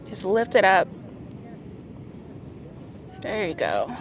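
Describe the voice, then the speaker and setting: Chatty woman with a bright, higher voice. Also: measured pace, pauses often, a little hiss or hum. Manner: chatty, encouraging, checks in with "okay?" often. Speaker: vlogger leading beginner yoga. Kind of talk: casual instructional vlog. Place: outdoors on a beach.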